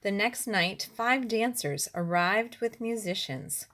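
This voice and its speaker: A woman reading a rhyming children's storybook aloud with an expressive, rhythmic delivery. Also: medium pitch, unhurried, hardly any pauses. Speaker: reader.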